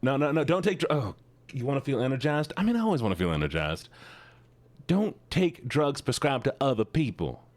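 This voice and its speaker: In a slightly darkish voice that moves a little fast, this man swings widely in pitch, and the recording has no echo. He's livestreaming, joking around with viewers at his own expense, self-mocking and prone to sudden pitch jumps.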